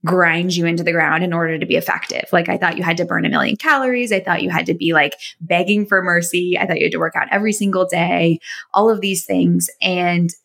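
Gravelly-voiced enthusiastic woman guest. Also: on the low side, fairly even intonation, a little fast, a bit bright. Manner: enthusiastic, chatty, frequent "like". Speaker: physical therapist and fitness business owner. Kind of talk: casual interview chat.

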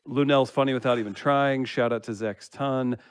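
A man's voice: mid-range voice, fairly even intonation, moderate pace, clear, resonant tone, dry recording. A man hosting a casual chat show, reading listener comments aloud and laughing often. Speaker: host.

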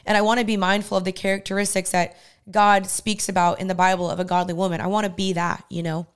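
Young female podcast co-host, earnest, smooth resonant tone. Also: medium pitch, flat delivery, fast talker. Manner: earnest, talks through her faith with quoted asides. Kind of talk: casual podcast chat.

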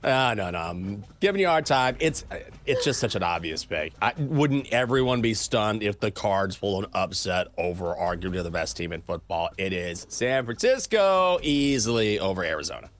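A man's voice: fairly low pitch, animated, normal speed. A man co-hosting a sports show, teasing his co-hosts and cracking jokes in casual chat. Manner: teasing, wisecracking.

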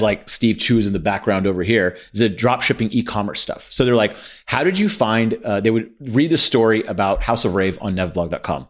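A man of Indian origin chatting casually on a podcast, telling lively stories and acting out quoted dialogue. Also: fairly low pitch. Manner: animated storyteller, acts out quoted dialogue. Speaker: guest entrepreneur.

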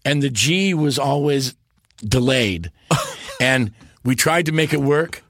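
Husky man telling wild stories. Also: medium pitch, animated, slow, no echo. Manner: launches into impressions and laughs loudly. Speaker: interview guest. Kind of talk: animated storytelling.

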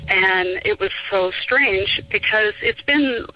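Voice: mid-range voice, slow pace. Hesitant caller in their fifties. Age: 50s. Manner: hesitant, many fillers. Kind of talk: telling a personal ghost story. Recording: dull phone line.

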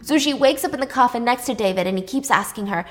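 A woman's voice: a little high, fast talker. A woman retelling a plot in a casual, chatty way, full of asides. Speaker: plot recapper. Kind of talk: casual storytelling recap.

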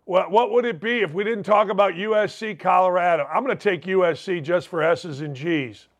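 Brash high-voiced sports talk host. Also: male voice, a little fast. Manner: brash, rambling, punchy asides. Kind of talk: opinionated sports talk monologue.

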